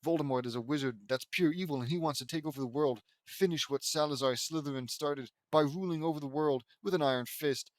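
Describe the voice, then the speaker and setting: A man's voice: on the high side, brisk, few pauses, dry recording, lightly acted. A man reading the lines of an earnest young female healer in a fan story, in his own dry, plain voice. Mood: serious.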